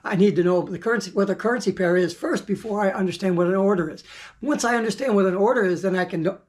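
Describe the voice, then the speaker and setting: A woman explains forex trading in a loose, unscripted teaching monologue. She is blunt and chatty, stumbles into repeated words while gathering her thoughts, and throws in the odd swear word. Her voice sits at a middle pitch for a woman. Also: quick pace, darkish tone.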